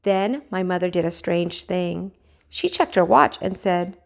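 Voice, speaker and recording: A woman teacher reading a children's book aloud, with expressive, animated storytelling. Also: fairly low pitch, measured pace, creaky.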